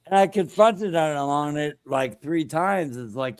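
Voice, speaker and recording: A man's voice: fairly high pitch, expressive, unhurried, clean tone, no echo. Blunt, crude man on a live stream. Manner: blunt, crude, opinionated, with many fillers. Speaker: streamer host. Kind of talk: casual chat on a live stream.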